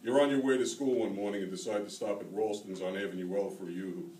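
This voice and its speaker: A man reads from his own fiction at a graduate reading, steady and measured. His voice sits low. The sound comes from a distance in a reverberant hall, with faint noise behind. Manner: steady, measured reading of second-person prose. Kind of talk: reading prose aloud at a graduate reading. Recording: roomy hall, taken from far off.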